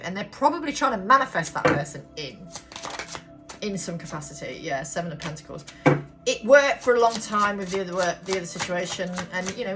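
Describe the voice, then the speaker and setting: A woman giving a casual tarot reading, talking bluntly, swearing freely and rambling on. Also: lowish voice. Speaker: tarot reader. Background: background music.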